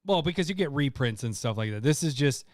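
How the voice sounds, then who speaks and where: A man's voice: medium pitch, lively intonation, fast talker, dry recording, studio quality. A young man co-hosting a podcast in casual chat, often laughing and rambling as he talks. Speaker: podcast co-host.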